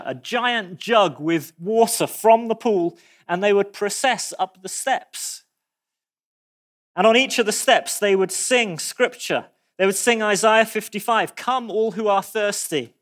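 Man, preacher, high-pitched, expressive, dramatic pauses, sermon.

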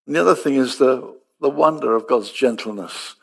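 A man preaching a sermon, acting out dialogue with lively storytelling and dropping to soft, quiet tones. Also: medium pitch, normal speed, gravelly, slightly rough.

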